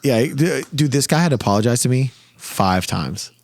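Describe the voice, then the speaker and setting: A man's voice: medium pitch, lively intonation, normal speed, darkish tone, dry recording. A man in his thirties hosting a podcast, telling stories in a profane, ranting way in casual chat. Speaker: podcast host.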